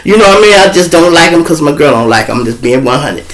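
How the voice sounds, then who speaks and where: A middle-aged man with a Chicago accent, hosting his show and telling a profane personal story in casual talk, acting out the voices of the people in it. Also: fast talker. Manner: profane, animated, acts out quoted voices with big pitch jumps.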